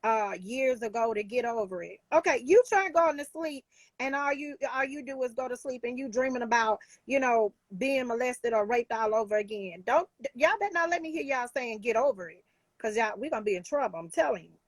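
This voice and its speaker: A woman's voice: on the high side, lively intonation, brisk, no room sound. A woman life coach talking in a casual talk show, emphatic and heartfelt, with many restarts.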